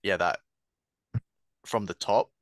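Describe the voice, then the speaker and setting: A man's voice: low voice, fairly even intonation, slow, dry recording, studio quality. A man calling into a video session, asking a trading question in a rambling, unsure way. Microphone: video call.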